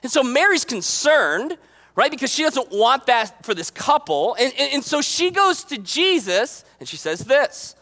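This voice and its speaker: A man preaching a casual, joking sermon in an animated, conversational way. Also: very high-pitched, unhurried. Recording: long hall reverb.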